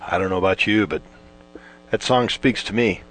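A man's voice: low-pitched, moderate pace, loud music behind the voice, low-quality recording. A man giving an informal Bible teaching, folksy and repetitive, restarting phrases and driving points home. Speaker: preacher.

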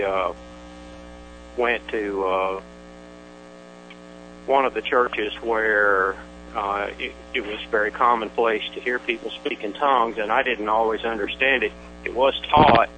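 An older male caller on a radio call-in show, speaking haltingly with many pauses and restarts. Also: lowish voice, sharp tone, a little hiss or hum, low-quality recording. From Tennessee.

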